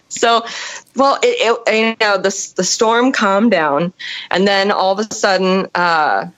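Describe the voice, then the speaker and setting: A woman's voice: medium pitch, takes it slowly, poor audio. A woman in her thirties telling a wild story casually, swearing and acting out other people's lines. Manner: animated, swearing, acts out voices. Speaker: guest storyteller.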